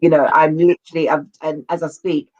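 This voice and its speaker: A man's voice: on the high side, level tone, a little fast, darkish tone. A man speaking as an interview guest on men's mental health, earnest and rambling, often repeating himself. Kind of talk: casual conversational interview. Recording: dull lo-fi audio.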